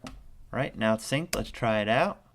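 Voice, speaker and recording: A man hosting a casual software tutorial, talking loosely and often checking in with "right?" as he goes. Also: lowish voice, animated, normal speed, a little hiss or hum. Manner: casual, repeats "right?" and "what you wanna do". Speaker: video tutorial host. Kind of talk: casual screen-recorded tutorial.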